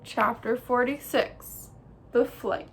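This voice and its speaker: A woman reading a children's novel aloud as host, with expressive storybook narration. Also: fairly high pitch, slow, gravelly, slight background noise.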